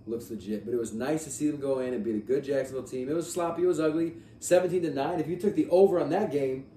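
A man hosting a casual sports podcast, talking in an animated way with many fillers and repeats. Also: a little high, fast talker. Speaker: podcast host. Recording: echoey room, mic at a distance, faint noise.

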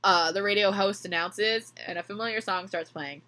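Bright-voiced young woman reading aloud. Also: mid-range voice, moderate pace. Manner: reads dramatically, breaks off to joke and laugh. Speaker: podcast host reading fan fiction aloud. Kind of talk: comedic reading with chat.

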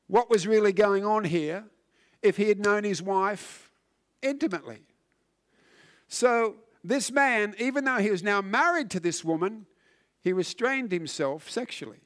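A man preaching a sermon, earnest and emphatic, often restarting words and swinging from loud to hushed. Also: high voice. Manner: frequent word restarts.

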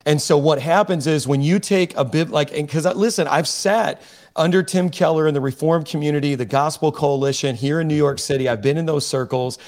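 Fired-up preachy man, slightly high voice. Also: fairly quick, a little mellow. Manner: emphatic, preachy, with many restarts. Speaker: podcast guest. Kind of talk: impassioned podcast discussion.

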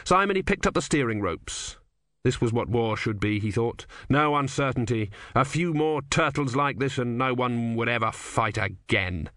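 Brief: male audiobook narrator, mid pitch, wry and measured, close dry studio mic. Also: fairly bright tone, no room sound. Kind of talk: scripted narration.

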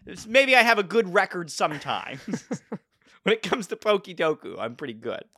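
Male co-host, playful and chatty, lively voice, dry sound. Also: high voice, normal speed, no echo. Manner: playful, bantering, thinks aloud. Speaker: podcast co-host. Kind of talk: casual chat.

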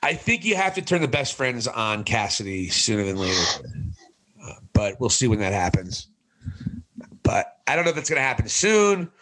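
Man, podcast co-host, bright voice, opinionated casual banter with frequent laughs. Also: medium pitch, big pitch swings, rough recording. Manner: opinionated, laughs often, quick asides. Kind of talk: casual chat.

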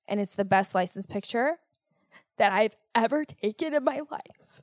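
A young American woman hosting a podcast, telling a story in a casual, animated way with lots of swearing and exasperated ranting. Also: fairly high pitch, moderate pace, no echo, studio quality. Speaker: podcast host.

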